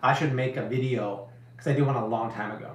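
A man's voice: medium pitch, steady tone, fast, echoey room. A man hosting a live cooking stream, chatting casually and answering viewer questions with slangy, emphatic energy. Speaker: cooking show host.

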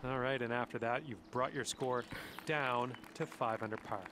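A man voicing a calm TV golf announcer. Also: mid-range voice, slight background noise, lightly acted. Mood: steady. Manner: measured, even broadcast delivery. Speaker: in-game golf commentator. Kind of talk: scripted sports commentary.

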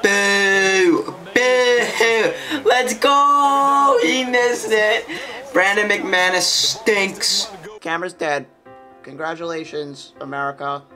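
A man giving profane let's-play commentary, reacting loudly to gameplay. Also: high-pitched, slow pace. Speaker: gaming YouTuber. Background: music playing.

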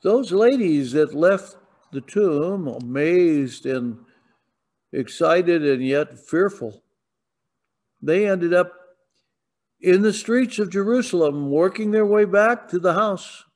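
A man preaching in a church, with a slow, unhurried delivery and a fairly high voice. He tells the story patiently, then lifts into emphatic declarations. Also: expressive, darkish tone. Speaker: pastor. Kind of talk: sermon. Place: church sanctuary.

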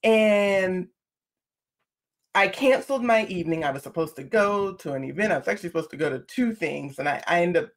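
A woman guest telling a personal story in an earnest, expressive, conversational way. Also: on the low side, brisk. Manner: expressive, earnest, talks through her feelings openly. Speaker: podcast guest.

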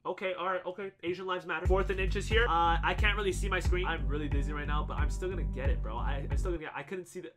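Young guy hyping his own game play, high voice, cocky trash talk, music playing under him. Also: fast, few pauses. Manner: boastful, trash-talking, excitable, swings from muttering to shouting. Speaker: gaming YouTuber. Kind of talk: hyped gameplay commentary.

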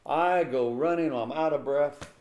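A fairly high-pitched older man, a pastor, speaks a little slowly while telling a story in an interview. He is an animated storyteller, acting out the dialogue of the people involved, and the room is echoey.

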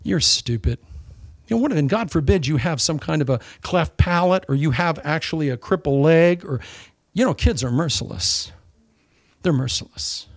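Guy preaching a sermon, lively, acts out mockers' voices, kinda high voice, dry close sound. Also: normal speed, dry recording. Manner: animated preaching, acting out mockers' voices and looks. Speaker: pastor.

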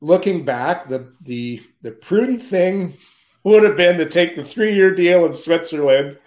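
A man, a former pro hockey player, telling lively anecdotes as a podcast guest and often laughing mid-story. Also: high-pitched, measured pace. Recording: roomy echo.

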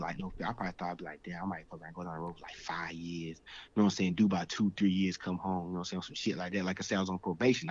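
Young guy, low husky voice, slangy street storytelling, kinda muffled lo-fi audio. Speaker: guest. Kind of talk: casual storytelling interview. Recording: dull lo-fi sound.

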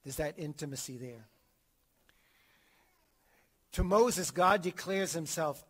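Lively man teaching a theology class. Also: fairly high pitch, slow, pauses often, breathy edge. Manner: animated, acts out quotes, repeats and restarts words. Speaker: catechism teacher.

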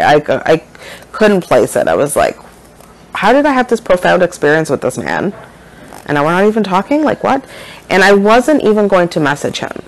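A woman's voice: sits low, rough recording. A woman speaking as a shaman and spiritual teacher in a casual spiritual monologue, rambling and earnest, often checking in with her listeners.

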